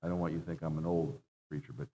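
A man preaching a sermon as a guest preacher, earnest, dropping his voice low and rising for emphasis, often repeating words as he builds a point. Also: flat delivery, rapid-fire, dark tone. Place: church sanctuary. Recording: dull sound in a long-reverb hall.

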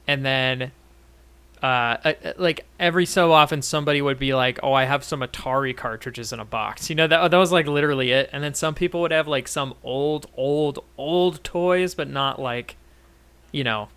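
A man's voice: mid-range voice, a little fast, fairly bright tone, smooth. A man co-hosting a podcast, chatting casually and rambling through stories with lots of restarts. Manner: rambling, many restarts and fillers. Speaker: podcast co-host. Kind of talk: casual chat.

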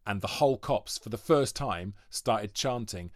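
Man, 30s, low and dry, animated storyteller, swears freely. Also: moderate pace, hardly any pauses, no room sound. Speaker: podcast guest. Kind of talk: casual storytelling chat.

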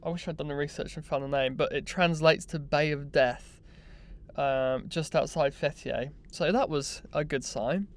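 A young man telling a personal story in a casual, animated, self-mocking way. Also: a little high, moderate pace. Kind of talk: casual anecdote monologue.

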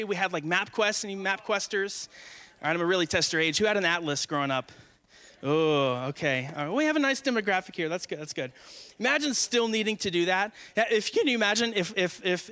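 Bright high-voiced young male preacher. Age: 20s. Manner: joking, asks the congregation questions. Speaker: guest speaker. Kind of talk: humorous conversational sermon. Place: church before a congregation.

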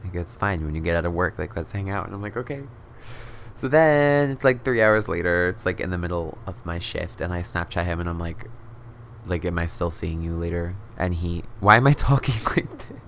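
A man's voice: low voice, lively intonation, a little fast, fairly bright tone, a little hiss or hum. A young man hosting his own podcast, telling a story in a casual chat, talking close to the mic, swearing often and filling his talk with "like". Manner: chatty, swears often, says "like" a lot, laughs between phrases. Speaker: podcast host.

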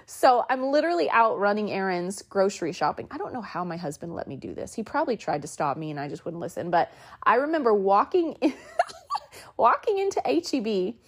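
Telling casual stories on her podcast, a woman in her thirties performs the quoted lines herself. She talks fast in a medium-pitched, very animated voice.

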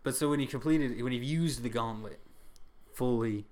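A young man chatting into his podcast mic with an easygoing, rambling manner. His pitch sits in a plain middle range, and he laughs his way through tangents. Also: a little fast, background noise. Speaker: podcast co-host. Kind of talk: casual chat.

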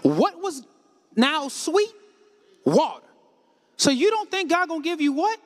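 A man preaching a sermon, asking the congregation questions and rising to shouts. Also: extremely high pitch, huge pitch swings, a little slow. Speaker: pastor. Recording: echoey hall with long reverb.

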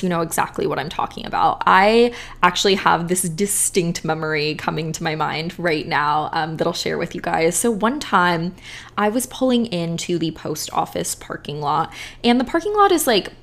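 A young woman talking straight to her listeners in a casual self-help podcast monologue. She speaks at a mid-range pitch, chatty and loose, with plenty of "like" and "you guys". Her delivery feels personal and conversational. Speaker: podcast host and manifestation coach.

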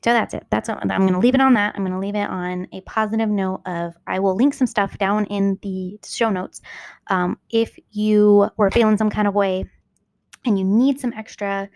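A woman's voice: mid-range voice, fairly even intonation, normal speed, darkish tone, no echo. A young adult woman hosting her own podcast, talking into her phone in a candid, rambling way, full of asides and self-corrections. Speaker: podcast host. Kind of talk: casual solo podcast monologue. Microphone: recording into her phone.

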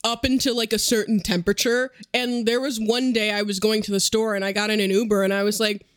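A young adult co-host of a casual comedy podcast, trading wry, deadpan quips. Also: medium pitch, quick pace, dry recording, clean studio sound. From Chicago.

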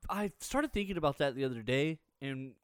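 Man, sarcastic podcast co-host, smooth tone, dry studio sound. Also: mid-range voice, expressive, brisk, dry recording. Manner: wry, sarcastic. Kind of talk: casual chat.

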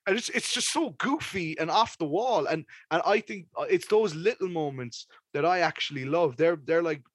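A young man hosts a podcast and gives his take on a record in a loose, rambling way, swearing as he goes. His voice sits fairly high for a man. The sound is dry and close, with no room around it. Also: normal speed, husky, no echo. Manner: rambling and animated, with casual swearing. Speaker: podcast host. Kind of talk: casual music review chat.

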